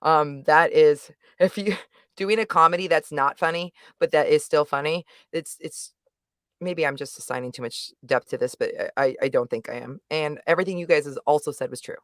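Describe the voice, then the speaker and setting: A middle-aged woman chats through a movie review with animated emphasis, often circling back to restate her point. Her voice is smooth and resonant, recorded close and dry. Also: low-pitched, normal speed, no room sound. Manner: animated, emphatic, rambling with self-corrections. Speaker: guest reviewer. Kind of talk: casual livestream movie review chat.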